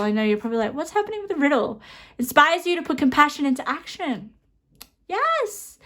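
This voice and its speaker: A young woman giving a pick-a-card tarot reading, excitable and emotional, rambling and checking in with the viewer. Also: fairly high pitch. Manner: excitable, emotional, rambling with frequent "okay?" and "honestly". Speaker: tarot reader.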